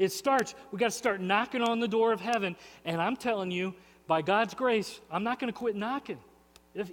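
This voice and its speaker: A man's voice: high voice, big-room sound. A man preaching a sermon as pastor, earnest and personal, often repeating words and restarting phrases. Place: church sanctuary.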